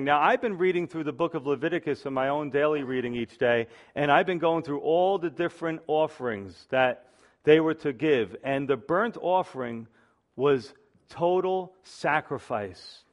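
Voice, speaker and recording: A middle-aged man preaching a sermon, teaching verse by verse in an emphatic, earnest way. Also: a little high. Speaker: pastor.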